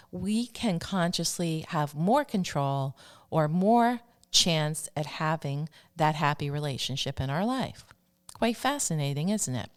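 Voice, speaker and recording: Low-voiced woman hosting a self-help show. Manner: slow, soothing, repeats affirmations. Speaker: radio show host. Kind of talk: spiritual self-help talk with affirmations.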